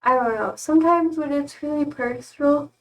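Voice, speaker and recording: A young woman with a slightly high voice rambles through a casual live-stream chat, fighting back tears as she talks. She sits a little back from the microphone, so her voice comes across with some distance. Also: normal speed. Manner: rambling, emotional, close to tears. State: tearful, trying not to cry. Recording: speaking from a distance to the mic.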